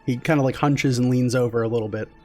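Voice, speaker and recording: A man narrating as game master in a tabletop game, with relaxed narration full of fillers. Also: mid-range voice, quick pace, soft background music.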